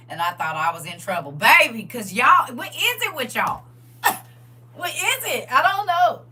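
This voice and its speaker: A woman's voice: mid-range voice, moderate pace, distant mic. A middle-aged woman hosting a live stream, chatting casually and laughing a lot. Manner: animated, laughing, exclaiming. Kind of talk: casual chat.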